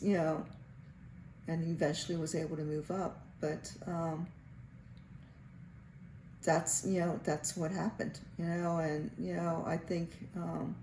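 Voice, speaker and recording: A woman recalling her family's past in a hesitant way, her speech full of fillers and pauses. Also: low voice, dark tone. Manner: hesitant, full of "you know" and "um". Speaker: interviewee. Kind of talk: reflective family recollection. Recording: roomy echo, faint ambient noise.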